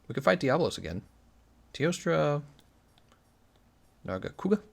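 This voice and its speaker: A man's voice: medium pitch, a little fast, gravelly. A young man live streaming a game, chatting casually and jokingly reading out his chat. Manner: joking, reads chat aloud, animated.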